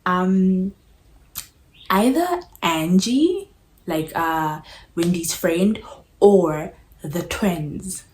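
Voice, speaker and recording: Speaking in a fairly low, slightly mellow voice, this young booktuber is animated but draws out her words and pauses often. She chats casually and gushingly about a book, packing in fillers like "like" and "um," in an echoey room with noise behind her.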